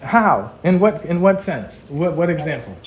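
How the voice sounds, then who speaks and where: A man arguing heatedly on a call, ranting and mocking others in quick impressions. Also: fairly high pitch, sing-song, crowd noise. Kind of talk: heated phone argument.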